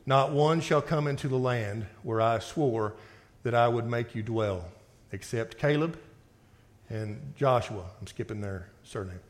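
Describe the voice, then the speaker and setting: Man, pastor, emphatic sermon, scripture reading, mid-pitched voice. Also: unhurried. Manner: emphatic, swings between forceful outbursts and quiet reading.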